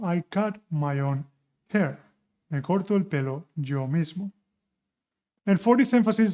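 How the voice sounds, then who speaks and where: A man's voice: a little high, darkish tone. A man with a Spanish accent, a native Spanish speaker, explaining grammar in a patient online lesson and correcting his own slips as he goes. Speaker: Spanish teacher.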